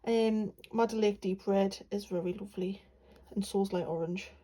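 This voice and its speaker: A young woman from England chats her way through her paint swatches, rambling and filling pauses as she goes. Her voice is mellow and a little husky. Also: medium pitch, fairly even intonation, poor audio. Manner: chatty, rambling, many fillers. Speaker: art vlogger. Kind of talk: casual chat while swatching paints.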